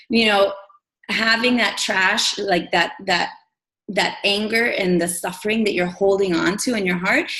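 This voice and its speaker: A woman's voice: mid-range voice, low-quality recording. Chatty woman giving a motivational talk. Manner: animated, chatty, many fillers and acted-out quotes. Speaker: coach speaking to her sales team. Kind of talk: motivational team call talk.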